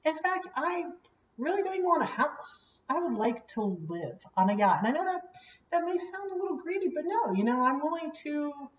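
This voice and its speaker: A woman tells a personal story in a relaxed, chatty vlog, slipping in fillers and acting out what others said. She sits a little away from the mic, so her voice comes through roomy and slightly muffled, with a faint hum behind her. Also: high voice, normal speed, far from the mic. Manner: chatty, many "you know" fillers, animated quoting. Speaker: vlogger. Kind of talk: casual storytelling to camera.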